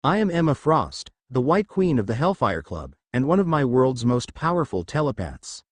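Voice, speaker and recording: Brief: regal woman telepath, put on by a man, raised pitch, dry sound. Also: sing-song, normal speed, no echo. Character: cool aloof woman telepath.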